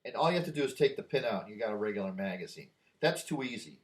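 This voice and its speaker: Older man rambling in a low voice. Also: big pitch swings, rapid-fire. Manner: easily distracted, wandering asides. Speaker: vlogger. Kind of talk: rambling opinion monologue.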